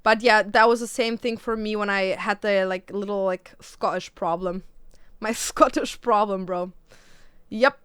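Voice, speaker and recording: A woman's voice: medium pitch, steady tone, measured pace, fairly bright tone, smooth, no room sound, clean studio sound. A young woman in her twenties chatting on a casual livestream from home, rambling and packing her talk with fillers. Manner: rambling, filler-heavy, with many "like"s. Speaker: streamer. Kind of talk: casual stream chat.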